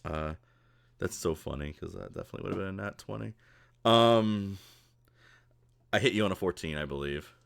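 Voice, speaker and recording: A man narrating a tabletop game as game master, casual and excitable, often laughing as he describes the action. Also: deep voice, moderate pace, creaky, pauses often.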